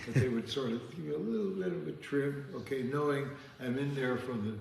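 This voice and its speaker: A man's voice: mid-range voice, brisk, vocal fry, a little mellow. A man telling rambling anecdotes in casual chat over drinks, often checking in with "okay?". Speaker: co-host. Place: home bar. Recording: echoey room with long reverb, faint hiss.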